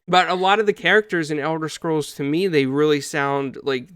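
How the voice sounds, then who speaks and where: A man's voice: a little high, fairly even intonation, moderate pace, a bit bright, smooth, no room sound, studio quality. A man hosting a casual interview, enthusiastic and a little rambling. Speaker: host.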